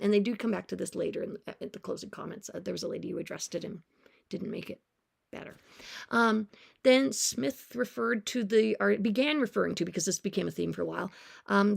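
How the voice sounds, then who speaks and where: Lady in her 40s, super gravelly fry, chatty and sarcastic, mid-pitch voice, rambling commentary. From Canada. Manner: chatty, sarcastic, self-aware asides. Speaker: music teacher and vlogger. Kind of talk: casual commentary on her notes.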